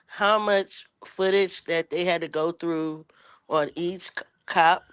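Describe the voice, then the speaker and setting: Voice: mid-range voice, steady tone, slow, a bit bright, clean tone, no room sound. A co-host speaking in a reflective, hesitant way during a casual discussion, often restarting sentences.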